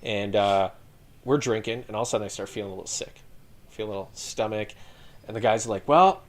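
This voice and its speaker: A man in his thirties, a retired infantry soldier telling war stories on a podcast in a casual, profane, animated way with frequent laughter. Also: fairly low pitch, quick pace, a little hiss or hum. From Canada. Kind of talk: casual storytelling chat.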